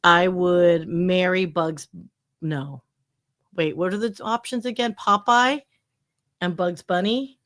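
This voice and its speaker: A woman's voice: on the low side, takes it slowly, long pauses, a bit bright. A woman guest on a casual live stream, chatting playfully about tech and movies. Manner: playful, chatty, laughs easily. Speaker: guest, tech show host.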